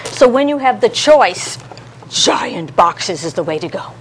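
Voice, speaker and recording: A woman leading a classroom lesson for young children, coaxing them through call-and-response in an animated, sing-song way. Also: mid-range voice, a little slow, a little hiss or hum. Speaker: early childhood educator.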